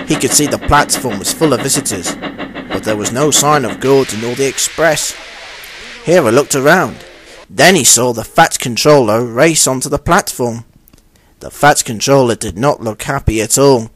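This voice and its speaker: A man's voice: medium pitch, normal speed, dry recording. Man reading a children's story. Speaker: narrator. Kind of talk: storybook narration.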